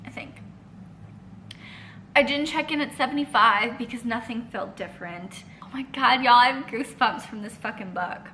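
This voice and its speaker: A young woman talks straight to camera in a chatty reading vlog. She rambles and swears freely, her voice bright and a touch high. A faint hiss sits under her voice. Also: normal speed. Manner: animated, swears often, rambling. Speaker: book vlogger.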